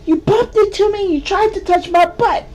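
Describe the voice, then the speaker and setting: A woman voicing an indignant woman who accuses a stranger on the street and shouts her accusations. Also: very high-pitched, moderate pace, pitched above the performer's own voice. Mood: accusing.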